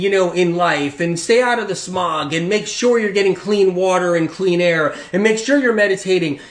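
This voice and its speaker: High-voiced man talking emphatically in a roomy space. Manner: emphatic, repetitive, rambling. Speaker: health speaker. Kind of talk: informal spoken talk.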